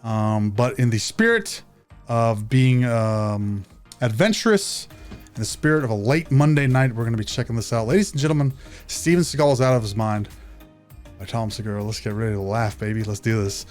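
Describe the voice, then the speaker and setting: A man's voice: medium pitch, moderate pace, darkish tone, soft background music. A man hosting a reaction video, chatting casually with laid-back, joking asides while wearing headphones at his home setup. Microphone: headphones on, home recording setup.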